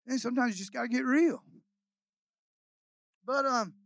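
A man's voice: very high-pitched, moderate pace, creaky, fairly bright tone, no echo, rough recording. An older man, a guest pastor preaching a sermon in a folksy, emotional, rambling storytelling way full of hallelujahs and amens.

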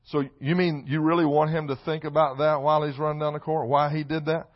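A man preaching a sermon, repeating key phrases and swinging between quiet asides and shouted emphasis. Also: a little high, level tone, brisk. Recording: dull lo-fi sound.

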